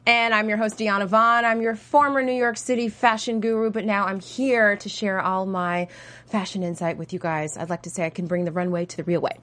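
A woman's voice: medium pitch, fairly even intonation, brisk, fairly bright tone. A woman hosting a fashion chat show, upbeat and talkative, reading out items between banter. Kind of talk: casual hosted chat.

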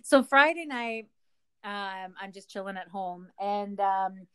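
A woman's voice: mid-range voice, slow, bright, forceful tone, clear, resonant tone, dry recording. A woman co-hosting a casual chat, telling a story frankly, with lots of swearing and fillers.

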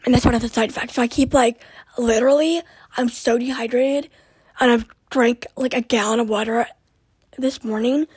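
Young woman podcast host, hoarse and breathless, rambling casual chat; high, husky voice, dry close sound. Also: steady tone, normal speed, a little mellow, no room sound, low-quality recording. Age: young adult. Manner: rambling and chatty, full of "like" fillers and self-corrections.

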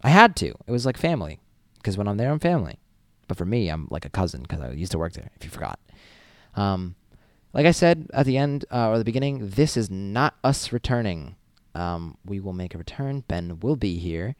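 A man's voice: fairly low pitch, very animated, brisk, darkish tone, no room sound, clean studio sound. A young man hosting a podcast alone, rambling casually with lots of swearing and self-mocking asides. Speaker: podcast host. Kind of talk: casual solo podcast chat.

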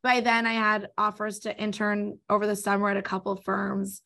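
A woman with a Californian accent, an estate planning attorney answering interview questions in a quick, explanatory way. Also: mid-range voice, completely flat delivery, gravelly, pushed and bright. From born in New York, raised in Los Angeles. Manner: talks fast, explanatory.

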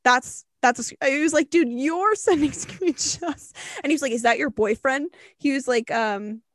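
A young woman co-hosting a podcast, telling a story in a casual, animated way, laughing and swearing often. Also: high voice, normal speed, no echo. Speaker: podcast co-host.

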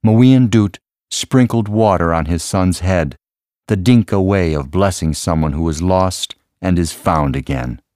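A man with a very deep voice narrates a story slowly and steadily. The recording is dry and close, with no room sound. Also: a little mellow, no room sound. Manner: measured reading, raises his voice for quoted lines. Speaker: audiobook narrator. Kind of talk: scripted narration.

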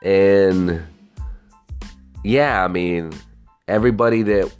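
A man's voice: deep voice, slow, smooth, faint music behind. A young man hosting a podcast, ranting casually with lots of swearing and rambling asides. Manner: profane, rambling, animated. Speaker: podcast host. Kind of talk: casual solo podcast rant.

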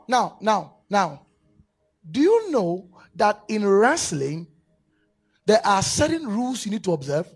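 Man, preacher, live church sermon, high-pitched, very swinging melody. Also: takes it slowly, breathy edge. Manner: animated, rising to fervent shouted prayer. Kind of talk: live sermon with a staged demonstration. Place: church service before a congregation.

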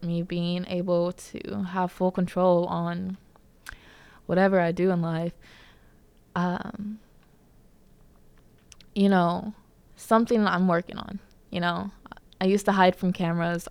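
A woman's voice: on the low side, smooth, no room sound. A young woman from California telling a personal story in a casual, candid way, with many fillers. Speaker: podcast host.

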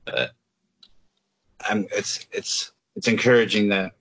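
A man co-hosting a podcast in casual chat, chatty and quick to laugh between remarks. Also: on the low side, steady tone, a bit bright, breathy edge, no room sound. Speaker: podcast co-host.

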